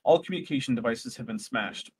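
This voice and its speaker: A man running a tabletop role-playing game, narrating scenes and rules in a relaxed, rambling way, often correcting himself. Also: mid-range voice, fast talker, slight background noise. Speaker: game master.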